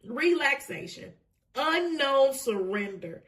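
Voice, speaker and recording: A woman's voice: medium pitch, very animated, slow. A woman getting over a cold, giving an emotional, effusive tarot reading to camera and laughing often. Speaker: tarot reader.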